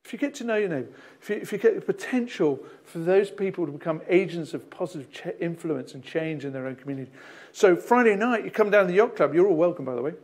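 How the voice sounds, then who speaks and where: A man's voice: high voice, animated, fast, a little mellow. A male pastor with an Australian accent, telling a rambling anecdote in a sermon with lots of restarts and chuckles. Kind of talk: storytelling sermon.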